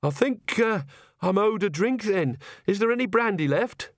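A man's voice: high voice, animated, normal speed, no echo, studio quality, voice pushed up. A man doing a flustered young witch woman. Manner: hesitant, flustered.

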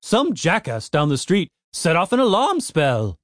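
Brief: a man playing a fussy old gnome potion seller, higher voice, sleepy and grumbling. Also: wildly swooping pitch, measured pace, no echo, clean studio sound. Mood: grumpy. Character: small grumpy old male gnome shopkeeper wizard.

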